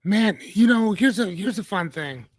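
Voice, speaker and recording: A man's voice: high-pitched, animated, unhurried, no echo. A man hosting a casual livestream, chatting playfully with viewers in a rambling way and greeting them by name. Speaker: livestream host.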